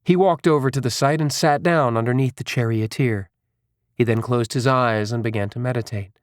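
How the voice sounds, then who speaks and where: A man narrates an audiobook in a steady, even storytelling voice. His pitch sits in the middle for a man. He is recorded close with a dry sound and no room around it. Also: moderate pace, no echo. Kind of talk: scripted narration.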